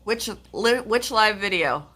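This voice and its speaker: A woman's voice: medium pitch, lively intonation, takes it slowly, sharp tone. A woman hosting a casual live stream, chatting to her pets and her viewers.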